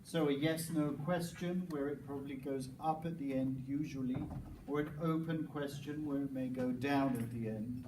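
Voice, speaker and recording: A man's voice: medium pitch, steady tone, normal speed. A man presenting a teacher-training workshop, explaining ideas with many restarts and fillers, in a crowded room. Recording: echoey room, distant mic, noisy.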